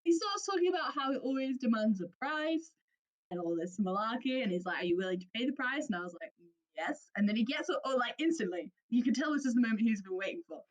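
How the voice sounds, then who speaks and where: A woman from England co-hosting a podcast, telling an animated story with plenty of laughter and quoted voices. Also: fairly high pitch, fast. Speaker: podcast co-host. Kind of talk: casual chat, storytelling.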